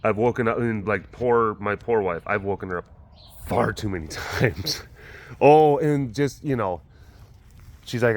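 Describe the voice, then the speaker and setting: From an animal facility, a man hosts his vlog in casual chat, telling stories that ramble and brim with filler words. His voice is on the low side and his pace measured.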